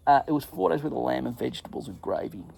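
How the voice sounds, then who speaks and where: A man's voice: mid-range voice, fast, creaky, breathy edge. Man telling a crude story. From England. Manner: animated, crude, self-mocking, acts out his own shouts. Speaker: podcast host. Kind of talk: casual storytelling monologue.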